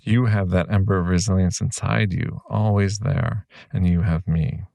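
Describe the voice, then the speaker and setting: A man with a deep, gravelly voice hosts a reflective podcast, talking earnestly and reassuringly straight to his listener. The recording is close and completely dry, with no room sound. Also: steady tone, normal speed, mellow, dry recording. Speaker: podcast host.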